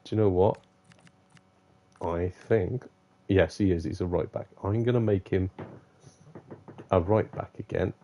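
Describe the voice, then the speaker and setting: Gravelly man chatting over gameplay. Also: low voice, fairly even intonation, a little slow, long pauses, warm tone. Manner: chatty, self-mocking, laughs often, mutters to himself. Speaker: gaming streamer. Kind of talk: casual live gameplay commentary.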